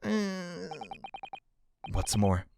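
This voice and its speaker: A man voicing a sincere young male law student in a game, speaking slowly and solemnly. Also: high-pitched, sing-song, creaky, noisy background, pitched above the performer's own voice, heavily acted. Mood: earnest.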